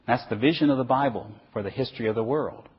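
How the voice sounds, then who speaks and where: A man's voice: medium pitch, fast talker, breathy edge. A middle-aged man preaching a sermon in an emphatic way, asking questions and then answering them himself. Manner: animated, emphatic, asks and answers his own questions. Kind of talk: sermon lecture. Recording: dull lo-fi recording.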